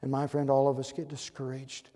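A man preaching a sermon as a visiting preacher, with a repeating cadence and swings from loud declaring down to hushed near-whispers. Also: mid-range voice, completely flat delivery, brisk, big-room sound.

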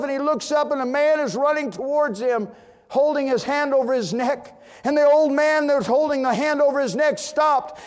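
A man preaching a sermon as a visiting preacher, with a repeating cadence and swings from loud declaring down to hushed near-whispers. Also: high voice, long reverb tail.

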